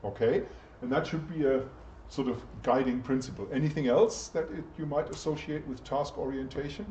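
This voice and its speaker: A man's voice: medium pitch, normal speed, warm tone, slight background noise. A man giving a chatty university lecture and putting questions to the class. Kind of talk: interactive lecture. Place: lecture room. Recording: echoey, distant, dull lecture-room recording.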